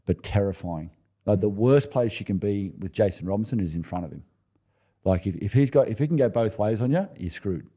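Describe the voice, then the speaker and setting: Laid-back Australian man, dark voice. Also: sits low. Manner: laid-back, chuckling anecdotes with many restarts. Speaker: podcast guest, former rugby player. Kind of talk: casual storytelling interview.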